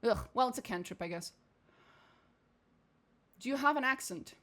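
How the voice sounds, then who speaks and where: A woman's voice: a little high, animated, normal speed, fairly bright tone. A Portuguese-born woman whose English accent drifts between British and American. She streams games, reads game text aloud and comments in a rambling, profane way. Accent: mixed British and American English. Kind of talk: casual gaming stream commentary.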